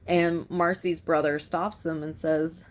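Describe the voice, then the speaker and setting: A woman's voice: deep voice, level tone, unhurried. A woman casually recapping a film's plot for a review, rambling and filling her sentences with "like" and "you know". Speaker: film reviewer.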